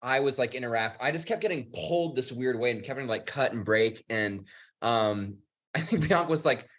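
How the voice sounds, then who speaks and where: A man's voice: medium pitch, fairly quick, a bit bright. A man, an actor, recalling a shoot in a laid-back way and laughing easily during a casual video-call Q&A.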